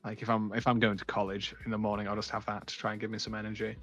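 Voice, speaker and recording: A young man with a British accent, speaking a little low, chats as a podcast guest. He sounds laid-back and mumbles his words, often letting sentences trail off. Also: completely flat delivery, racing, fairly bright tone, dull audio, faint music behind. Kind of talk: casual chat.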